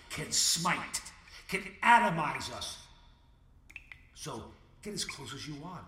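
A man delivering a dramatic monologue addressed to God, swinging between booming declarations and hushed asides. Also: echoey room, recorded from a distance, a little hiss or hum. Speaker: podcast host.

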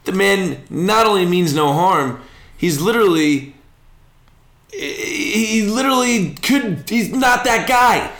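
A man's voice: sits high, expressive, slow pace, fairly bright tone. Young male co-host, joking banter, echoey room. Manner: joking, emphatic, digressive banter. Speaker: podcast co-host. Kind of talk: casual sports podcast chat. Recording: roomy echo.

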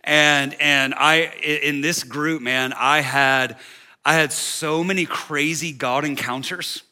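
Emotional, joking pastor with a bright voice. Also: male voice, a little high, steady tone, takes it slowly. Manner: emotional, candid, joking and self-interrupting. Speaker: senior pastor. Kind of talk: preaching to a young adult service. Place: large church auditorium.

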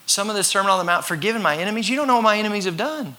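A man preaching a sermon to a congregation, talking conversationally, acting out voices and sometimes shouting for effect. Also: high voice, lively intonation, rapid-fire, few pauses. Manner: conversational with congregation call-and-response. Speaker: pastor.

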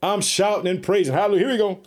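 A man's voice: high voice, very fast. Fervent man preaching a sermon. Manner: fervent, repetitive call-and-response preaching.

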